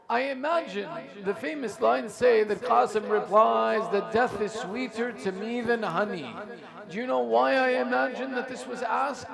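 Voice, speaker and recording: A male preacher telling a mournful story in a sermon, slow and dramatic, with pauses. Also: sits high, creaky.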